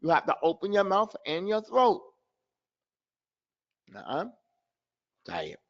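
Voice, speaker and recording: Slow, patient male recitation teacher. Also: high voice, huge pitch swings, a bit bright, muffled recording. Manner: slow, drawn-out demonstrations with repeated syllables; chuckles at his own trick questions. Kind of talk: online class lesson.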